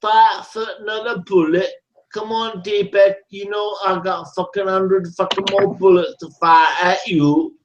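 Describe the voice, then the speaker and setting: A man's voice: sits high, fairly even intonation, measured pace, highs cut off. A man ranting and taunting someone in a voice chat, swearing constantly and heckling. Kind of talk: profane taunting rant. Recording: noisy recording.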